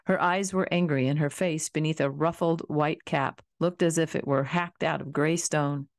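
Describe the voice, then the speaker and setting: Woman calmly reading a children's novel. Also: sits low, moderate pace, no room sound, clean studio sound. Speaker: audiobook reader. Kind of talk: storybook narration.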